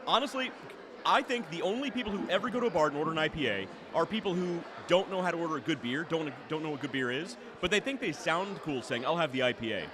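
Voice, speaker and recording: A man co-hosts a casual podcast with quick, lively banter, rising and falling as he talks and reading viewer comments aloud. He is outdoors in a brewpub's beer garden, with a loud crowd chattering behind him. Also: a little high. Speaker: podcast co-host. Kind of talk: casual chat.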